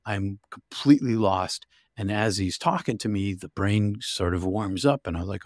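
An older man, an interview guest, telling his story in a vivid, halting way with restarts. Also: fairly low pitch, lively intonation, darkish tone, no room sound, clean studio sound. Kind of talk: emotional storytelling.

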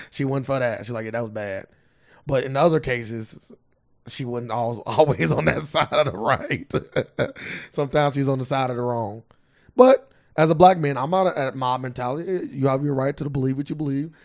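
Gravelly young man, laid-back podcast chat. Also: medium pitch, normal speed. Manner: laid-back, slangy, laughs often. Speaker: podcast co-host. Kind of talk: casual chat.

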